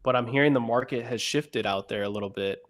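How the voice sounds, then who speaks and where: A fast-talking man with a medium-pitched voice co-hosts a podcast. In casual chat, he keeps pressing his co-host with probing follow-up questions.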